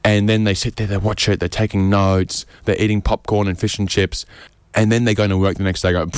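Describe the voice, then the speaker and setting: A man doing a rambling comedic monologue, animated and jumping into mocking voices. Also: fairly low pitch, brisk, clean tone, no room sound. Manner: rambling, with fillers and restarts.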